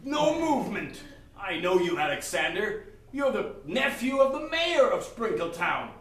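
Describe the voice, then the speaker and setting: A man improvising an excitable male gnome detective who exclaims and blusters. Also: high-pitched, unhurried, exaggerated voice. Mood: bold. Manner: jumpy, exclaiming. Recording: echoey stage, distant mic, faint noise.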